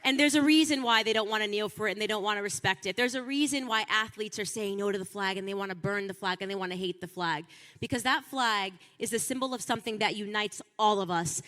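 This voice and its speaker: A woman giving an impassioned public speech at a political event, building to shouted peaks. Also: mid-range voice, fast, big-room sound.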